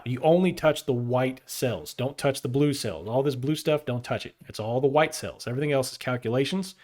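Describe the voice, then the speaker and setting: A man hosting a casual screen-share tutorial, explaining a spreadsheet in a loose, chatty way with slang and fillers. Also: medium pitch. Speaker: tutorial host.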